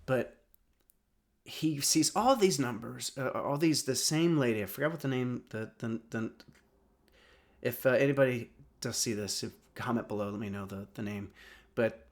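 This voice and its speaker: Speaking at a normal speed and medium pitch, this thirtysomething film and TV reviewer gives a loose spoken recap of an episode. The delivery wanders, stumbles through plenty of fillers and restarts, and is punctuated by frequent chuckles.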